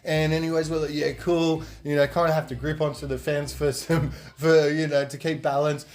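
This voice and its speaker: A young man tells a rambling festival story on his podcast. His voice sits a touch high, and he jumps between narration and lively impressions of the people in the tale, swearing casually as he goes. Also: moderate pace. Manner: animated, acts out quoted voices, swears freely. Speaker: podcast host.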